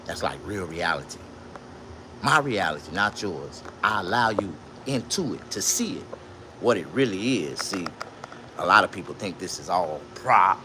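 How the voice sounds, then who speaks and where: A man talking on a live stream from inside his own shop in a casual, boastful, profane, rambling way, jumping between loud bursts and low mutters. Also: big pitch swings, moderate pace, noisy background. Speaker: livestreamer and shop owner.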